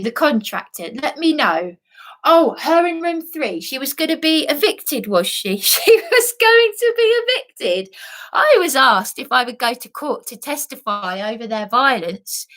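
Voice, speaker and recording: An English woman in an emotional vlog monologue, agitated and rambling, swearing and repeating herself. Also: pushed and bright. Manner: mimics other people in high put-on voices. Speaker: vlogger.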